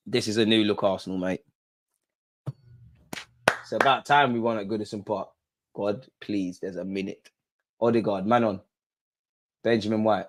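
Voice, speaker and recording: Young bloke hosting a live fan watch-along, excitable, yells at the ref, then mutters low. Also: male voice, moderate pace, pauses often. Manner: excitable, shouting at the referee, swinging between loud outbursts and low muttering. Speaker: fan channel host.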